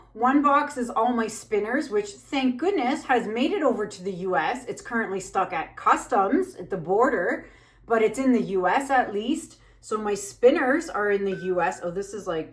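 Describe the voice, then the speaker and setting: A woman's voice: medium pitch, lively intonation, normal speed. A woman chatting casually while she paints, venting anxiously in a rambling way with many fillers. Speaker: fluid art painter and channel host.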